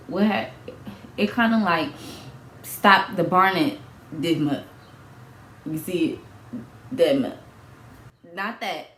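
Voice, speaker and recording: A young woman telling a storytime vlog in a casual, animated way, repeating herself, swearing and laughing as she goes. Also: on the low side, roomy sound, a little hiss or hum. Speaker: vlogger.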